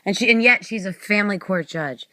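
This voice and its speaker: A woman's voice: medium pitch, a little fast, bright, forceful tone. A woman hosting a conversation, interjecting with pointed questions and opinions. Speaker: host. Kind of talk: casual phone conversation.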